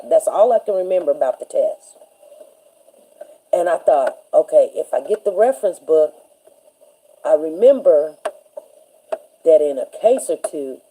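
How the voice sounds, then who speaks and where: A woman host with a low, deep-toned voice and a very dark, mellow timbre, talking in a loose, rambling way. She tells a personal story and slips into animated voices for the people in it. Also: low-quality recording. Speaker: show host. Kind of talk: casual storytelling.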